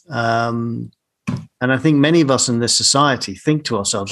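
A man's voice: medium pitch, a bit bright. A male podcast host in reflective conversation, speaking thoughtfully and often ending with "right?". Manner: thoughtful, drawn-out phrasing, asks tag questions. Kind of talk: reflective interview chat.

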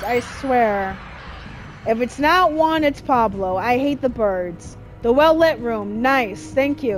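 A young woman with a high voice gives exasperated gameplay commentary and talks back to the screen. She speaks slowly and drawn out. Faint background noise sits under her voice. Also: expressive. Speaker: gameplay streamer. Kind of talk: let's play commentary.

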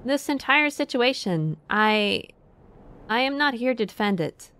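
A woman's voice: fairly high pitch, animated, a little slow, a bit bright, clean tone, voice pushed up. A woman voicing a cautious counselor woman who speaks in a tight, careful, slightly nervous way. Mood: guarded.

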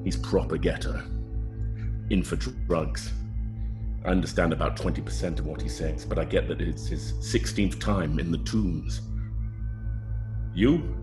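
A man co-hosting a podcast, reading a book excerpt aloud in a measured storytelling way. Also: low voice, steady tone, music in the background. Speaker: podcast co-host.

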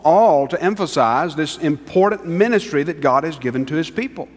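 A male pastor preaching a sermon, swinging between hushed, drawn-out words and raised, emphatic lines. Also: fairly high pitch, lively intonation, in a large hall.

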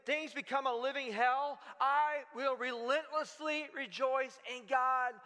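Guy pastor preaching, kinda high bright voice, chatty, asks the crowd questions, echoey church. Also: steady tone, unhurried. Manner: conversational preaching, rhetorical questions to the congregation. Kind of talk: sermon. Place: church sanctuary.

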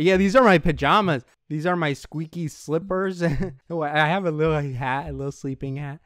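Excitable young-sounding man playing a game. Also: a little high, dry recording, studio quality. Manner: excitable, laughs often, thinks aloud. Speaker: let's play gamer. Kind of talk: let's play commentary. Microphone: headset.

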